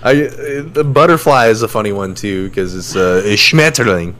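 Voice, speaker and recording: A man's voice: on the low side, moderate pace, fairly bright tone. A young man who lives in Germany, chatting in a laid-back way with frequent chuckles and fillers. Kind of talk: casual chat.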